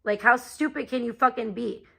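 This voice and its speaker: High, bright-voiced woman ranting angrily. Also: moderate pace, gravelly, husky, poor audio. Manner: profane, heated and confrontational. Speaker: live streamer. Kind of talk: angry live-stream rant.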